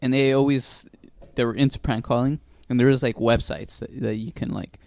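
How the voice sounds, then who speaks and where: A man's voice: mid-range voice, fairly even intonation, moderate pace, creaky, a little mellow, dry recording. A man co-hosting a podcast, telling stories in a rambling, casual way with many restarts. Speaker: podcast co-host. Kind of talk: casual chat.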